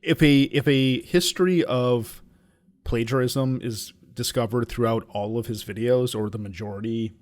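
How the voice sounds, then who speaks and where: A man's voice: mid-range voice, moderate pace, darkish tone. Young guy hosting a chat, talks in circles, restarts a lot, swears. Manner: rambling, frequent restarts, blunt and profane. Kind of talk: casual chat.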